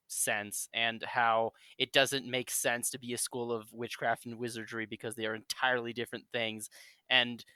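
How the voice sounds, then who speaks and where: Man, podcast co-host, bright tone, dry close sound, analytical, ranty. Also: mid-range voice, clean tone, dry recording. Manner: ranting, analytical. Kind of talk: casual podcast chat.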